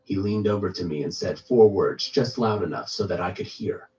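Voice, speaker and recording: A man reading a first-person horror story aloud in steady storytelling narration. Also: low-pitched, normal speed, far from the mic, highs cut off.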